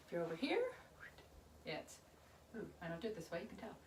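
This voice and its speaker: A woman's voice: on the low side, big pitch swings, a little fast, pauses often, a little mellow, slight background noise. A woman casually teaching chorus choreography, chatting and half-singing lyrics as she demonstrates moves. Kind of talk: casual dance instruction. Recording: roomy, recorded from a distance.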